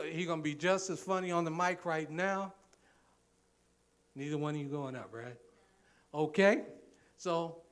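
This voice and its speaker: A man hosting a live comedy show, introducing the next comedian with a relaxed, halting delivery. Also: high-pitched. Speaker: show host. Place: comedy club stage.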